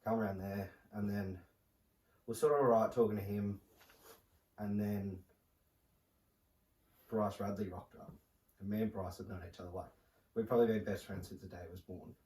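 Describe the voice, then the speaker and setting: A young man, a podcast guest telling a personal story in a halting, soft-spoken way with many fillers. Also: on the low side, steady tone. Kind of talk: casual podcast conversation. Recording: roomy, distant mic with faint noise.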